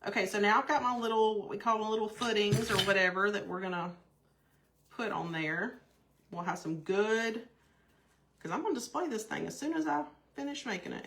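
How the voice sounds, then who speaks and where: A woman's voice: mid-range voice, fairly bright tone. Gushing woman crafting live. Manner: gushing, chatty, greets viewers by name. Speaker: craft host. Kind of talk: live-stream craft demonstration.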